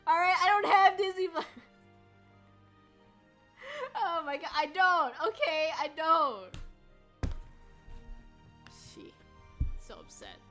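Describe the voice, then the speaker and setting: A woman's voice: very high-pitched, lively intonation, takes it slowly, pauses often, over music. A woman streaming as a VTuber, chatting casually in a rambling way, swearing and laughing often. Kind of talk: casual livestream chat.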